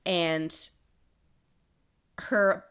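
A woman's voice: lowish voice, fairly even intonation, drawn-out words, fairly bright tone, clean tone. Chatty woman recapping a book. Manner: rambling, full of "um" and "like". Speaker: podcast co-host.

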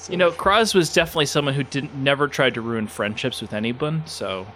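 A man co-hosting a podcast in easygoing casual chat, chuckling often and pausing on fillers. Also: mid-range voice, sharp tone, slight background noise. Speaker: podcast co-host.

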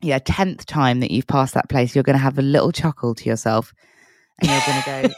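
A woman's voice: rumbling low, a little fast, no room sound. A woman co-hosting a podcast, supportive and playful, chatting casually and laughing easily. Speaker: podcast co-host. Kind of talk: casual chat. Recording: dry remote call audio.

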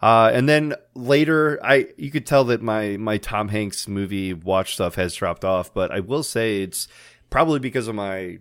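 A man's voice: lowish voice, normal speed, fairly bright tone, smooth. A man co-hosting a casual podcast chat, telling rambling stories and laughing often. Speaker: podcast co-host.

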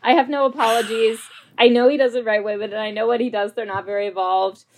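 A woman's voice: a little high, steady tone, fast, a little hiss or hum. A woman co-hosting a comedy podcast over a video call, frank and confessional with dry humor. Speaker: podcast co-host. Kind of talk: comic conversational chat.

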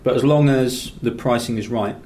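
A man's voice: mid-range voice, moderate pace, a little mellow, slight background noise. A middle-aged man from England hosting a podcast, rambling through stories in a chatty, teasing way. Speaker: podcast host. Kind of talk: casual chat.

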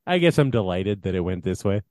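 A man's voice: deep voice, very animated, a little fast, darkish tone, dry recording. A man co-hosting a podcast, chiming in with dry teasing comments in casual chat. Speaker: podcast co-host.

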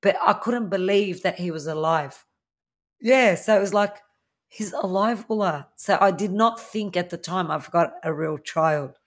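A woman's voice: fairly low pitch, a little slow. A woman in her thirties with an Australian accent, a podcast guest candidly telling her own story in a conversational way. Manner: candid, conversational, with fillers and quoted dialogue. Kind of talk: personal storytelling interview.

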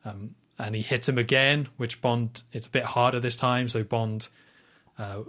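A young man talks through a film scene in a relaxed, conversational way, filling gaps with ums and likes. He quotes the characters' lines as he goes and has an ordinary, mid-pitched voice. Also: measured pace. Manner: chatty retelling with frequent fillers and quoted lines. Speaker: podcast host recapping a film. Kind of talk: casual chat.

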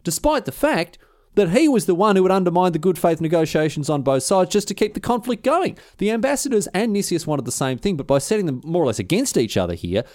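A man with an Australian accent hosting a history podcast, telling the story in a casual, slangy, animated way. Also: sits high, quick pace, no room sound, clean studio sound. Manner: animated, slangy, acts out characters' voices. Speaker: podcast host.

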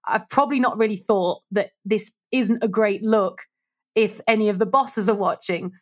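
Lively woman telling stories. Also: medium pitch. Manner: lively, acts out quoted voices. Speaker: radio presenter, guest. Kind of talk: casual storytelling interview.

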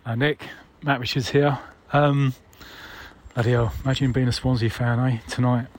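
A man's voice: mid-range voice, level tone, normal speed. A man leaving a casual voicemail, conversational and wry, with mild swearing.

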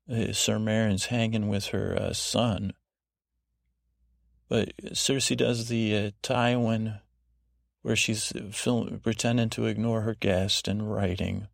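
A man's voice: fairly low pitch, creaky, no room sound, studio quality. A man hosting a sleep podcast, rambling through a meandering recap with self-deprecating asides and frequent restarts. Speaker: podcast host.

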